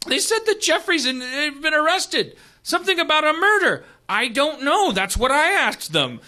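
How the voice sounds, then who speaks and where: A man's voice: very high voice, very animated, normal speed, bright, forceful tone, pitched above the performer's own voice, exaggerated voice. A man voicing a cheery, oblivious middle-aged father who sounds perplexed and bumbling. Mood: baffled. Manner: sing-song, bumbling, perplexed. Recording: live show with audience.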